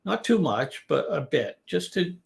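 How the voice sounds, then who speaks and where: A man teaching business English in a relaxed live-stream lesson, giving advice in a conversational way. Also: fairly high pitch, measured pace, creaky.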